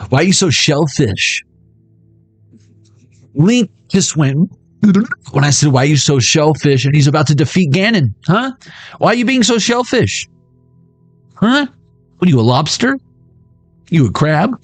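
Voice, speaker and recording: A tarot reader delivers a reading as a comedic monologue, riffing with jokes and leaping into squeaky high voices. The recording is dry.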